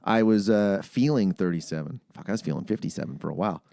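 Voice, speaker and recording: A man in his thirties chatting on a podcast. He tells stories with a swinging, lively pitch and drops swear words casually. The sound is dry and close. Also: quick pace, creaky, dry recording. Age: 30s. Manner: animated, swearing storyteller. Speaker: podcast co-host. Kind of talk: casual chat.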